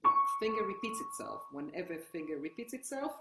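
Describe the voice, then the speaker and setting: A woman piano teacher explaining technique while she demonstrates at the keyboard, with halting restarts. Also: on the low side, big pitch swings. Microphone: online workshop, single room mic. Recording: roomy sound with loud piano playing. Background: piano playing.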